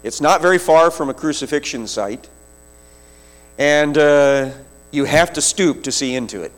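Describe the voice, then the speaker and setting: Man preaching in a storytelling sermon. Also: fairly high pitch. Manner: vivid storytelling with slow deliberate phrasing. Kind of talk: sermon retelling a scripture story.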